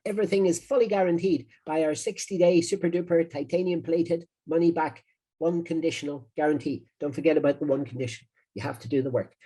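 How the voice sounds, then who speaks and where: A middle-aged man with an Irish accent, hosting an online marketing lesson in a chatty, rambling sales-pitch manner. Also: warm tone, slightly rough. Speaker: digital marketing coach.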